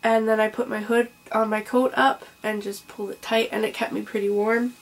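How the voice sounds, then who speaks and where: A woman's voice: fairly high pitch, little pitch movement, a little fast. Chatty young woman, fillers and restarts. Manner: rambling, lots of ums, self-correcting. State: has hiccups and a cough, taking it slow. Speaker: crochet podcast host. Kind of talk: casual chatty vlog.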